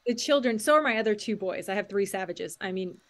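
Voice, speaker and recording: A middle-aged woman, a mindset coach and author, talking as a podcast guest, animated and acting out quotes with frequent laughs. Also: mid-range voice, fast talker. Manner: animated storyteller, acts out quotes and laughs often. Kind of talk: podcast interview.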